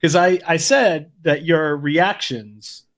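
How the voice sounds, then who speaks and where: A man co-hosting a podcast, calm and teasing, building a story up at a measured pace. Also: a little high. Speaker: podcast co-host. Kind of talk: casual storytelling.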